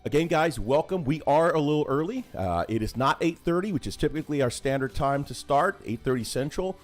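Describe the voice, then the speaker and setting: A man hosting a casual livestream chat, rambling and chatty, talking over a video call. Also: fairly quick. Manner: rambling and chatty, animated swings in pitch. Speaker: host of a hobby livestream.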